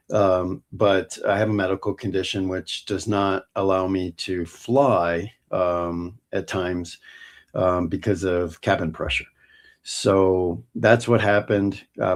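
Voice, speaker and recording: Deep-voiced man hosting a casual show. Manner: hesitant, many ums and restarts. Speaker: podcast host. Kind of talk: casual solo talk.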